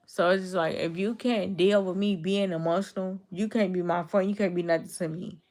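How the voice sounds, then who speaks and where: A woman in her twenties with a Chicago accent, chatting casually on a livestream and answering her viewers' comments. Her voice is naturally low and gravelly, the kind viewers take for a cold. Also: fairly even intonation, fairly quick, darkish tone. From Chicago, USA. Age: 20s. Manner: talks straight to her chat, reading and answering comments.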